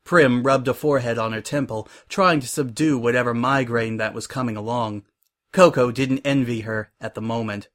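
A man narrating a pony fan story in a steady reading voice. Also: medium pitch, normal speed. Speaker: reader.

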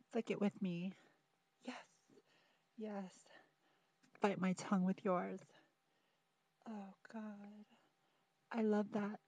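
A young woman speaks very slowly and softly, teasing and pleading as she talks straight to the listener in an intimate audio role-play. Her voice sits at a middle pitch. The recording is close and dry, with a slightly dull, muffled sound. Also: no room sound. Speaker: audio performer.

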